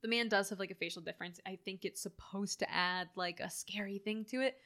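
A woman co-hosting a casual chat, animated and full of filler words, acting out quoted lines as she talks. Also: mid-range voice, fairly quick. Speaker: podcast co-host. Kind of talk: casual chat reviewing a horror film.

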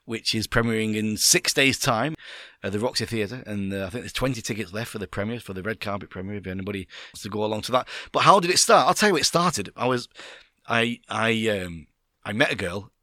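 Guy in his 50s telling stories, acts out the people he quotes, lowish voice, dry sound. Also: fairly quick, no room sound. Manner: lively storyteller acting out quoted voices. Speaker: guest, skydiving presenter. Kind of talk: casual storytelling interview.

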